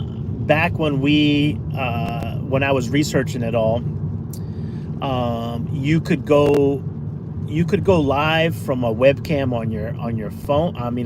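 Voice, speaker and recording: Rambling man live-streaming from his car. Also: mid-range voice. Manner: rambling storyteller with many fillers and restarts, reads out viewer comments. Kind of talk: casual live-stream chat. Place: in a car, driving around town. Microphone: phone. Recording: car and street noise behind.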